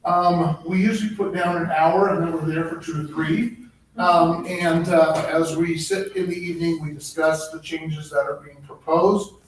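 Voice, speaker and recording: A man presenting at a board meeting, halting with many ums and restarts, his voice a little worn. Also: fairly high pitch, level tone. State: slightly losing his voice. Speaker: human resources director. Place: public board meeting room. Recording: echoey room, distant mic, faint noise.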